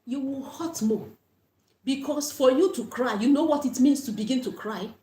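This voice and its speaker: Woman parenting coach, livestream teacher, slightly high voice, earnest, echoey room sound. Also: moderate pace, dark tone. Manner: earnest, repeats key points, blesses viewers.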